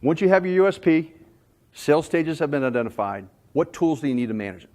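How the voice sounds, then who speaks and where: A man gives a sales management talk to a room, telling jokey stories in an animated, self-deprecating way. His voice is on the high side and he talks fast, making it a storytelling presentation.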